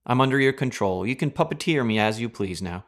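A man's voice: mid-range voice, animated, fairly quick, lightly acted. A man putting on a meek, caving-in voice. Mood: mock pleading. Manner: sarcastic, exaggerated pleading. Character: mock man meekly caving in, pleading.

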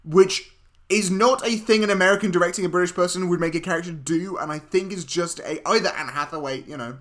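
A man's voice: sits high, quick pace, a bit bright. A man co-hosting a podcast, recapping a film in casual chat with wry, sarcastic asides and casual swearing. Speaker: podcast co-host.

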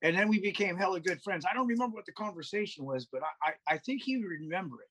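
A man in casual podcast chat, telling animated stories full of swearing and acted-out quotes. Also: sits high, fast. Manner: animated storyteller, swears a lot, acts out quotes.

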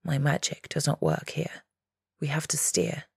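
A secretive fairy woman speaks low and clipped, half in a whisper, as a woman narrator puts her on. Her voice is deep and gravelly, close and dry. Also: steady tone, a little slow, a little mellow, dry recording, exaggerated voice. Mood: hushed. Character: guarded female fairy, weary and secretive.

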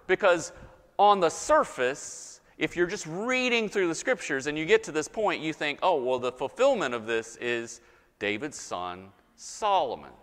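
A man's voice: medium pitch, a bit bright. A male pastor preaching a sermon, conversational and teaching, checking in with his listeners. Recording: hall reverb.

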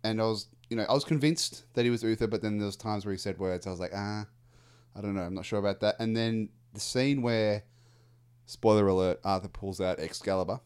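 A man's voice: fairly low pitch, a little fast, darkish tone, clear, resonant tone. A man, co-hosting a casual film review chat and rambling through his thoughts with restarts and fillers. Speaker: podcast co-host.

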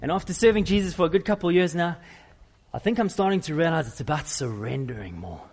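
A middle-aged man preaching a sermon, with animated, self-deprecating storytelling. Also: fairly high pitch, fast talker. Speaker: pastor.

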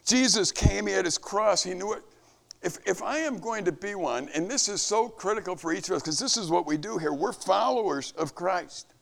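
The camp leader's voice is gravelly yet fairly bright, and he talks at a normal speed. He offers the camp staff an earnest devotional message, preaching with emphasis that climbs and falls.

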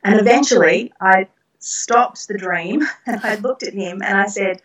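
A middle-aged woman recounts personal experiences in an interview, earnest and reflective, with soft laughs. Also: mid-range voice, measured pace. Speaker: guest. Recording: roomy, distant from the mic.

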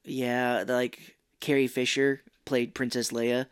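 An easygoing man co-hosting a casual chat podcast, with a voice in a middle pitch. He chimes in with relaxed personal stories and side anecdotes as the conversation goes on. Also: slow, clean tone. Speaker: podcast co-host.

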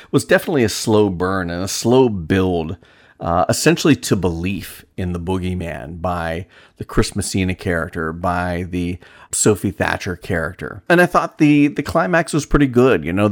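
A man's voice: sits low, normal speed. A man casually reviewing a horror film, rambling through personal anecdotes with frequent restarts. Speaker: movie reviewer.

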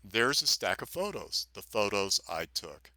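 A man's voice: on the low side, very animated, a little slow, pushed and bright, no echo. A middle-aged man, a retired police officer, recounting his own experience as a podcast guest in earnest, vivid storytelling with emphatic repetition. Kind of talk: personal story in a podcast interview.

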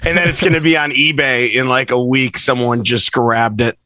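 A man co-hosting a casual podcast, chatty and agreeable, quick to jump in. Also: medium pitch, fairly even intonation, bright, forceful tone, no room sound. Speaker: podcast co-host and tour guide. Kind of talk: casual chat.

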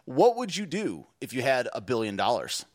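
A man's voice: medium pitch, huge pitch swings, normal speed. A man hosting a casual livestream interview, laid-back and self-deprecating, tossing in "dude" often. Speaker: stream host.

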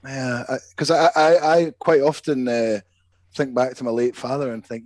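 A man's voice: medium pitch, steady tone, moderate pace, darkish tone, no echo. A man in a casual podcast chat, telling an anecdote with small stammers and restarts. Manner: hesitant start, then chatty anecdote with stammers. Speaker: podcast co-host.

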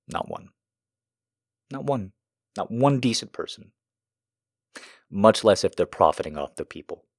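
A man's voice: low-pitched, dry recording, clean studio sound. A man from the United States delivering a heated, profane and emotional political rant as a commentator.

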